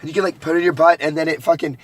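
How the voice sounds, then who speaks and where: A man's voice: fairly high pitch, level tone, very fast, no echo. A young man vlogging a rambling, profane confessional monologue, joking darkly as he goes. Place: rural home at night, partly outdoors.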